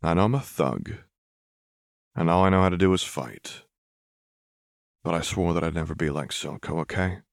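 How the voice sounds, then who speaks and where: A man reading the part of a blunt, tough woman enforcer who talks in rough, casual slang. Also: low-pitched, normal speed, pauses often, no room sound, clean studio sound. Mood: earnest. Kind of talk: audiobook reading of fan fiction.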